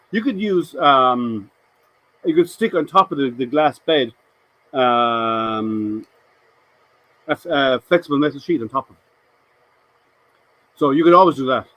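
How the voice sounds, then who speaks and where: A man's voice: medium pitch, rough recording. A man hosting a casual live stream, chatting to viewers and answering their comments with rambling, hesitant talk.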